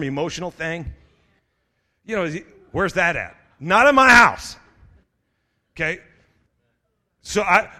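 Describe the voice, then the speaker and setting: A middle-aged male pastor delivering a sermon, urging his listeners on and swelling into shouted exhortation. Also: sits high. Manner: urgent, rising to shouts of exhortation.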